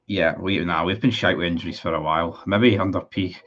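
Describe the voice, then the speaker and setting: A man's voice: sits low, steady tone, a little fast, fairly bright tone, lo-fi sound. A man in a casual livestream, reading out viewer comments and answering them in a blunt, sweary, sarcastic way. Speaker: football fan streamer.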